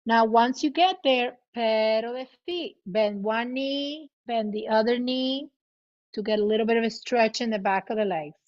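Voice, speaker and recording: Lady yoga teacher talking a chair class thru poses, higher voice, dull lo-fi sound. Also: moderate pace. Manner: switches between English and Spanish cues; demonstrates loud vocal sounds. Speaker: yoga instructor. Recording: muffled lo-fi recording.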